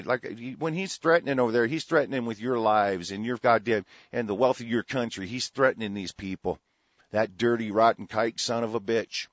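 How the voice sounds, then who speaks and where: A man's voice: on the low side, dry recording, dull audio. A man hosting a commentary show, angrily ranting and swearing, stumbling over words as he reads news aloud. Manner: angry, profane, stumbling ranting. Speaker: host.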